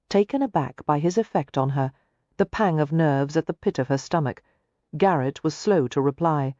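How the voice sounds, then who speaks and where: A woman narrating a historical romance audiobook in a measured, expressive storytelling voice. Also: sits low, no room sound, muffled recording. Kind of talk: scripted narration.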